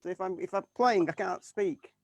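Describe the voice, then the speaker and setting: Halting, slightly high-voiced male keyboardist. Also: creaky, no echo. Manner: halting, with frequent restarts. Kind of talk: casual chat.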